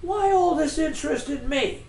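Doubting young ballplayer, read by a man, sarcastic, high, lively, echoey. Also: normal speed. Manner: sarcastic, disbelieving.

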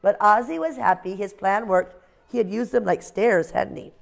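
A woman teacher leading a phonics lesson with young children and reading them a story in a slow, sing-song way. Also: medium pitch, creaky. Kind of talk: phonics lesson and read-aloud.

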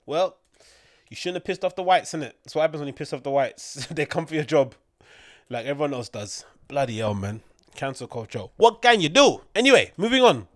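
A man's voice: fairly high pitch, sing-song, brisk, dry recording, clean studio sound. A man with a British accent, hosting a rambling solo podcast with opinionated commentary full of fillers and digressions. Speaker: podcast host.

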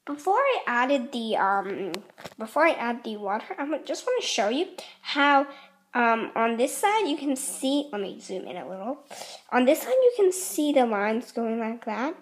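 Lively chatty woman teaching crayon art. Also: a little high, a little slow. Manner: chatty, apologetic, rambling. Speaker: art tutorial host. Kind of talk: casual craft tutorial.

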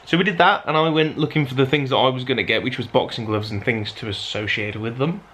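A man's voice: mid-range voice, fast talker, fairly bright tone, slight background noise. A man with a Black Country accent chatting casually to camera in a vlog, rambling and self-deprecating. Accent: Black Country (Dudley). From Black Country, England. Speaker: vlogger.

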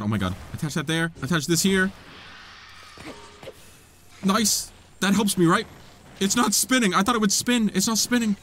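A young man giving excitable let's play commentary, laughing often and talking back to the game characters. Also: fairly high pitch. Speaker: gaming video creator.

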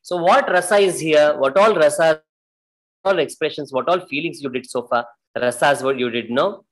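A man's voice: a little high, moderate pace, a bit bright, poor audio. A man teaching a dance workshop over a video call, patiently explaining and acting out the story. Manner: patient, explains and acts out scenes.

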